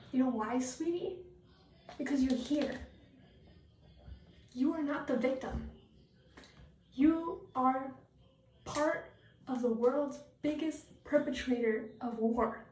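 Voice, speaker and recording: A high-pitched woman speaks slowly and bluntly, swearing freely as she rants while doing her makeup. She often trails off into fillers. Her voice sounds distant and echoes around the room, with a faint hiss behind it. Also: darkish tone. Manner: blunt, profane, ranting. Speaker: vlogger. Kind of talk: get-ready-with-me rant.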